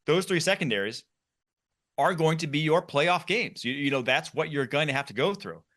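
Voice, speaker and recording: A man hosting a football talk show, animated and quick as he runs the segments. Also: on the high side. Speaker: podcast host.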